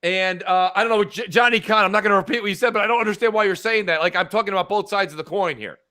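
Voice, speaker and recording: Man, podcast co-host, animated and rambling, high voice, bright forceful tone. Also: rapid-fire. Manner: animated, reads chat aloud, fills with uh. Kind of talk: casual gaming podcast chat.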